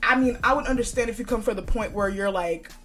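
A woman's voice: on the high side, fast talker, a bit bright. Young woman ranting on her podcast, cussing a lot, laughing, faint music under it. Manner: blunt and profane, laughs often. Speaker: podcast host. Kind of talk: casual solo podcast monologue.

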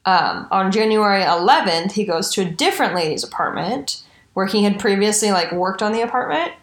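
A woman co-hosting a casual true-crime podcast, retelling events in an animated, profane way. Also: medium pitch, brisk. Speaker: podcast co-host. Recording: roomy echo.

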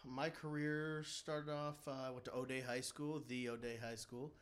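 A man's voice: mid-range voice, flat delivery, moderate pace, clear, resonant tone. A man who is a guest on a casual podcast, laid-back and laughing easily as he tells his story.

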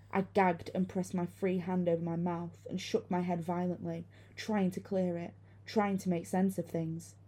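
A woman reading a first-person horror story in a hushed, suspenseful way. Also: lowish voice. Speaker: narrator.

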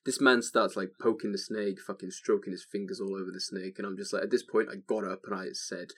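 A man's voice: low voice, fairly even intonation, a little fast, hardly any pauses, a bit bright. A young man telling a long story in casual chat, swearing often and rambling with restarts into a desk microphone. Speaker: podcast co-host telling a story.

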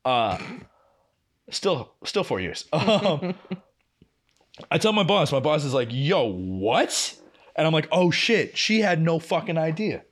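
Animated young man telling a story. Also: measured pace, long pauses. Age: young adult. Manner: animated, swearing, acting out quoted lines with big pitch jumps. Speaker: podcast co-host. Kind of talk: casual storytelling chat.

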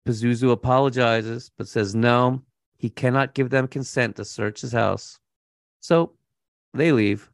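A man's voice: medium pitch, a little slow, creaky, dry recording, studio quality. A man co-hosting a true crime podcast, telling the story in a laid-back, casual way and laughing now and then. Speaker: podcast co-host.

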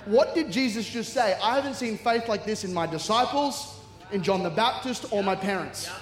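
A man's voice: high voice, moderate pace. A middle-aged man preaching a humorous sermon, acting out the voices in his stories. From Australia. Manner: animated storytelling, acting out voices. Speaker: guest preacher. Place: large church hall. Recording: echoey hall, long reverb.

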